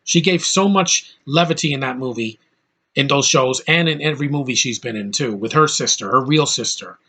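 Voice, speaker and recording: A man's voice: medium pitch, moderate pace, sharp tone, husky. A man giving a blunt, ranting movie review in casual speech, with lots of fillers and restarts. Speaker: film reviewer.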